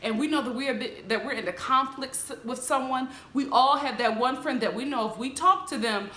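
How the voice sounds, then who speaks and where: Female commentator, animated and chatty, fairly high bright voice, roomy echo. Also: brisk. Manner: animated, mimics the people she recaps in a higher voice. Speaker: show recap host. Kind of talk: casual commentary.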